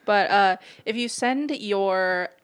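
A woman's voice: mid-range voice, smooth. Easygoing woman podcast co-host. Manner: easygoing, halting with fillers. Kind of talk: casual chat.

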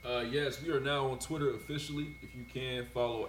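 A man co-hosting a podcast who reads out announcements, spelling things slowly and laughing at his own slips. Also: medium pitch, steady tone, echoey room, a little hiss or hum. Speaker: podcast co-host reading announcements. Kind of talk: casual banter. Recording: others chatting in the background.

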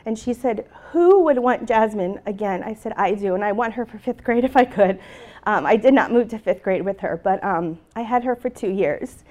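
A woman's voice: mid-range voice, brisk, a little mellow. A middle-aged woman teacher giving an earnest, emotional talk about her classroom, speaking to an audience with slides.

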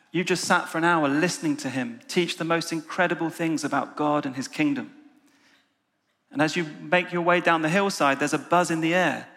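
A man delivers a sermon, his voice sitting a little higher than most. He walks his listeners through an imagined scene and asks them questions as he goes. The sound carries a long reverb from the room around him. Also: a bit bright. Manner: storytelling, inviting the audience. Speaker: preacher. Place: church meeting room with an audience.

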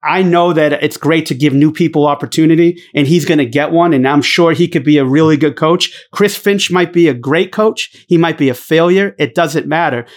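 A man's voice: a little high, moderate pace, hardly any pauses. A middle-aged man, a former basketball coach hosting a show, ranting bluntly with heavy swearing and lots of fillers and restarts. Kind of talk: profane casual rant.

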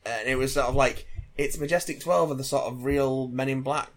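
A man's voice: medium pitch, a little fast, a loud crowd. A man in casual podcast chat as co-host, hesitant with fillers and casual swearing.

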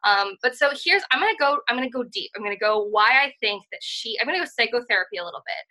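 A woman's voice: on the high side, lively intonation, quick pace, pushed and bright, rough recording. A woman co-hosting a casual podcast chat, earnest and enthusiastic, talking in a rambling way full of "like" and "um". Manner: rambling, filler-heavy, frequent "like" and "um". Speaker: podcast co-host.

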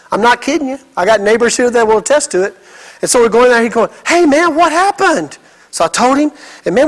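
A middle-aged man preaching a sermon, telling stories with lively acted quotes. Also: high-pitched, rough recording. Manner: animated storytelling with acted quotes. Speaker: pastor.

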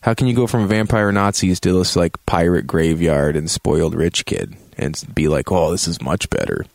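A man with a very deep, gravelly voice rambles through a profane, joking game review. He speaks close to the mic in a dry, dead room. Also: normal speed, no echo. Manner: profane, joking, acts out reactions in a high yelp. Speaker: game reviewer, show host.

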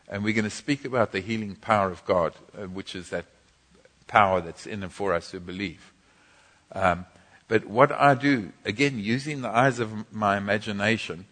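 A man's voice: fairly low pitch, a bit bright. Man preaching in an echoey hall. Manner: storytelling, jokey asides. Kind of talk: sermon teaching. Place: church hall.

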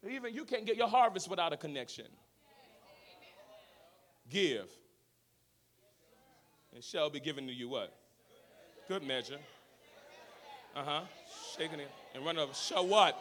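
A man preaching a sermon as pastor of a church, swinging from shouted lines to low, quiet talk. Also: lively intonation, a little slow, pauses often. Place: church sanctuary.

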